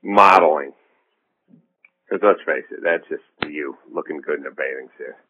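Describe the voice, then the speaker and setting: A comedian and podcast host talking in a phone interview, rambling and sardonic with a self-assured edge. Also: male voice, extremely low pitch, moderate pace. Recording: dull lo-fi line.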